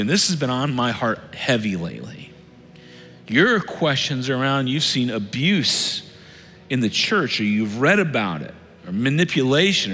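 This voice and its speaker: Earnest pastor preaching with lively pitch. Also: male voice. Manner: earnest, swings between loud urging and hushed tones. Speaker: lead pastor. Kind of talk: sermon. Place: church sanctuary. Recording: reverberant church hall with soft music.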